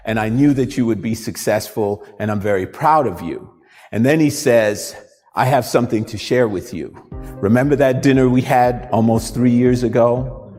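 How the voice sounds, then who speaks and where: A man hosting a radio show, telling a tale with lively put-on voices for his characters. His voice sits in the middle range and carries a long reverb in the studio. Soft music plays faintly behind him. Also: medium pitch. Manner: animated storyteller, acts out voices. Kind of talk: storytelling and live demonstration.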